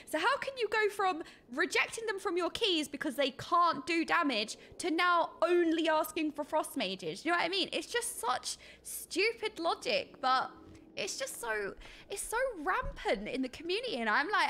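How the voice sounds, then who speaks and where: A woman streaming a game, chatting casually in a rambling, animated way that repeats points as she goes. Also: high voice. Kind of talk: casual stream chat while gaming.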